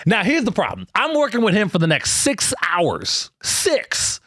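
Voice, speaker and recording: A male stand-up comedian telling a story in an animated, incredulous way, often tripping over quick restarts. His voice sits fairly high and swings widely in pitch. The sound is dry and close. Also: no room sound.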